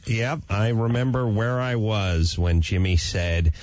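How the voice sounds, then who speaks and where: A man's voice: on the low side, unhurried, a little mellow. Wry male radio host. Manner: wry, joking, steers the show. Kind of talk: casual radio talk show banter. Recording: dull lo-fi radio broadcast audio.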